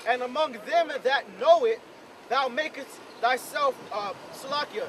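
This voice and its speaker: A man reading scripture aloud outdoors, slowly and deliberately. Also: extremely high pitch, fairly bright tone. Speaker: scripture reader. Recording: outdoor street with background noise, slightly off-mic.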